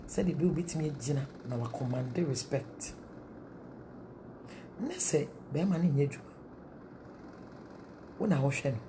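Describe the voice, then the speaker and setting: A middle-aged woman with a Ghanaian accent preaches a sermon of marriage counsel, mixing Twi and English and posing rhetorical questions. Her voice sits low with a dark tone, over a little hiss or hum.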